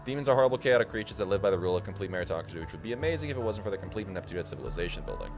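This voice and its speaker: A man's voice: sits low, big pitch swings, racing. A man voicing a small, smug male imp who works as a clerk, reading the lines in a wry, matter-of-fact way over game music. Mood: explaining.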